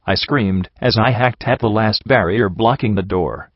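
A man giving steady, measured first-person audiobook narration. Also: fairly low pitch, dry recording, highs cut off.

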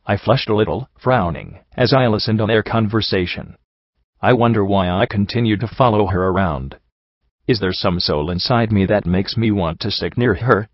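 A man narrating a first-person story in a steady, unhurried reading voice, on a dull lo-fi recording. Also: on the low side, no room sound. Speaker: audiobook reader.

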